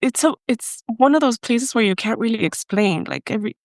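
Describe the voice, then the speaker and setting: A woman from Mexico in her young adult years recounts her story as a podcast guest. Her voice sits a little high with a gravelly fry at the edges, and she laughs often and slips into Spanish. The sound is close and dry, with no room around it. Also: a little fast, dry recording. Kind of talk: storytelling in an interview.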